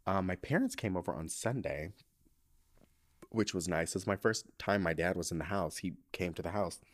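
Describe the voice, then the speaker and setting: A man's voice: sits low, moderate pace. A man hosting a casual solo podcast into a microphone, rambling and emotional and swearing freely as if he were on the phone. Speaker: podcast host.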